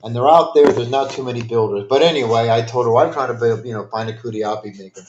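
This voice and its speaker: A man's voice: mid-range voice, quick pace, noisy background. Man rambling through a story, echoey and dull. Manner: rambling, many fillers and restarts, dry humor. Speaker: guest telling stories. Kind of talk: casual storytelling.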